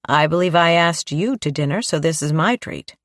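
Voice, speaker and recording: A woman narrator voicing a gentle, playful grown man in an audiobook, relaxed and teasing. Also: low-pitched, moderate pace, dry recording, studio quality. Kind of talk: audiobook dialogue.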